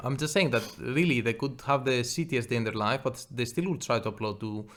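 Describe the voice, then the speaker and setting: Male co-host, relaxed comic banter, swears freely, average pitch. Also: quick pace. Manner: loose, swearing, joking. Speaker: podcast co-host. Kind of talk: casual chat.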